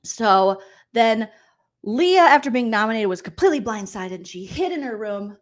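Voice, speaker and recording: A woman comedian recapping reality TV in an animated, gossipy, sarcastic way. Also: mid-range voice, moderate pace. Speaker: comedian host.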